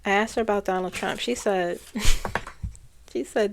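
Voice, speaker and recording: Slow-talking woman psychic rambling. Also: mid-range voice, steady tone, gravelly. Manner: rambling, trailing off and restarting phrases. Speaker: psychic channeler. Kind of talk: casual spiritual monologue.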